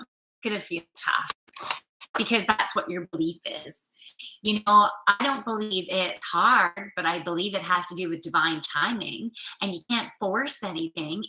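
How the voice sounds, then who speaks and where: Slow-talking bright-voiced woman card reader. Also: mid-range voice, reverberant, poor audio. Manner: chatty, upbeat, loose and playful. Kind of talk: channelled weekly card reading.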